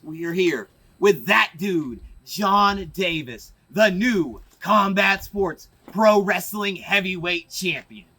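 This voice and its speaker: A high-pitched man with a bright, tense voice hosts a backstage interview. He talks in a casual, upbeat way as he brings in the new champion. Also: expressive, slow, hardly any pauses, husky.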